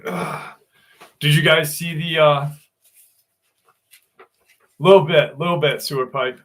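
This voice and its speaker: A man's voice: on the high side, fairly even intonation, takes it slowly. A man in his sixties hosting a casual livestream from home, chatting loosely with viewers, greeting them by name and swearing freely. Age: 60s. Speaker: livestream host.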